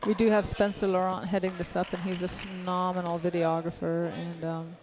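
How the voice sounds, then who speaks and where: A woman's voice: fairly low pitch, level tone, a little fast, noisy background. A woman commentating a live match, explaining play in a conversational way. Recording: loud music behind.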